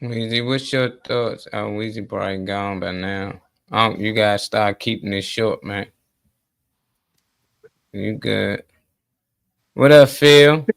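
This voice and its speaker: A man hosting a casual call-in chat, talking in a relaxed, slangy way and trailing off as he goes. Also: lowish voice, slow pace, gravelly, long pauses, no room sound. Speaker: host.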